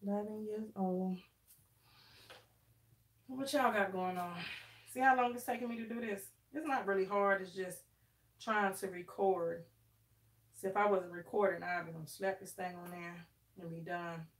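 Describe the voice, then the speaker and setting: A female livestream host in her thirties talks casually with viewers as she does her hair, calling them "y'all" in dialect grammar. Her medium-pitched voice is fairly even and moderately paced, with frequent pauses. An echoey room and distant mic color the sound.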